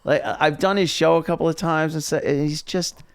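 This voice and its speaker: A man's voice: on the high side, fairly even intonation, brisk, clear, resonant tone, dry recording. Middle-aged radio guy guesting, blunt and sweary, laughs a lot, dry close mic. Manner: blunt and profane, laughs often. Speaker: podcast guest, radio host. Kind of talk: casual chat.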